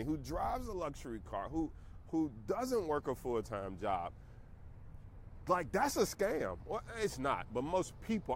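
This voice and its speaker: A man's voice: medium pitch, a little hiss or hum. A middle-aged man, a stock trading teacher, ranting casually and emphatically to his viewers. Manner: emphatic, preachy, conversational. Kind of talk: casual rant to camera.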